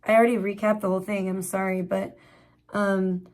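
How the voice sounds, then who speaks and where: A woman's voice: medium pitch, flat delivery, brisk, a little mellow. A woman hosting a livestream, giving blunt, profane commentary in casual, rambling talk. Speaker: livestream host.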